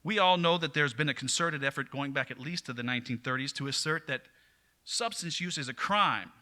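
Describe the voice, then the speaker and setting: A psychologist giving an earnest, explanatory church talk in a plain conversational tone. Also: male voice, mid-range voice, fairly quick, sharp tone. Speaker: speaker, psychologist.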